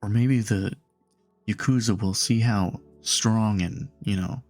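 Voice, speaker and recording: A young man streaming live, bantering and joking with his chat in a relaxed, casual way. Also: fairly low pitch, takes it slowly, faint music behind. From Nebraska, USA.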